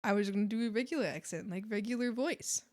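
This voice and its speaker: A young Canadian woman with a Canadian accent chats casually with viewers while drawing on stream. She rambles, giggles and scolds her viewers playfully, often breaking into shouts. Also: medium pitch, fast. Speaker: art streamer. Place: home streaming setup.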